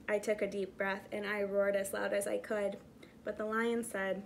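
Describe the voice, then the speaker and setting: A woman teaching preschoolers online as a zoo educator, gently encouraging and reading a picture book aloud with animated storytelling. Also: mid-range voice, normal speed, creaky.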